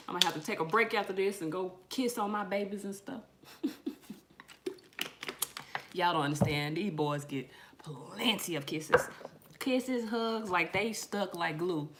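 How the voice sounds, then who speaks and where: A middle-aged woman chats through a tarot reading, telling stories in loose slang. She swears freely and talks straight to her viewers. A faint hiss sits under her voice. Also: mid-range voice. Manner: animated storytelling, slangy, swears, addresses viewers as y'all. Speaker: tarot reader. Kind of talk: casual live tarot reading chat.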